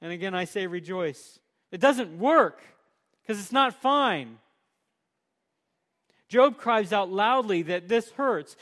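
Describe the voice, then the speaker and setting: A male pastor preaching a sermon, emphatic, moving between loud punchy lines and quiet low ones, slowing down to stress key words. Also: expressive.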